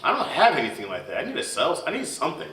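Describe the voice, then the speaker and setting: Lively male co-host, bright voice, echoey room, mic at a distance, casual banter. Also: on the high side, racing, slight background noise. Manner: animated storyteller who laughs often. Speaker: podcast co-host. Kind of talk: casual chat.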